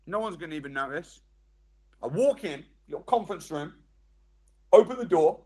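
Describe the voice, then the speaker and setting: A man, giving a motivational seminar talk as a training speaker, telling stories with sudden loud jumps and quiet drops. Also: high-pitched, expressive, moderate pace, long pauses.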